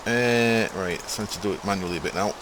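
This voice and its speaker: Fast-talking, with a lowish voice and a noisy background, this young man streams a game and chats casually with his live chat. He's from Hull, East Yorkshire, England, with a mild accent, and he rambles, mutters to himself as he plays and swears without much thought.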